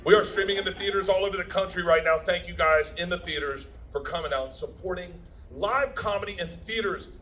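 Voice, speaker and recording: A middle-aged comedian with a high-sitting voice tells rowdy, profane stories to a premiere crowd, talking a little fast with hardly any pauses. He's loud and laughs as he goes, and the audio is poor, with a little hiss or hum.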